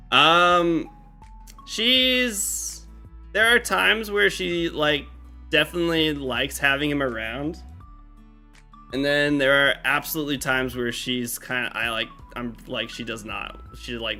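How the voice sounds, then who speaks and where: Bright-voiced rambling male streamer. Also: mid-range voice. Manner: rambling, filler-heavy talk with many restarts. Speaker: game streamer. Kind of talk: casual chat while live streaming a game. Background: faint game music.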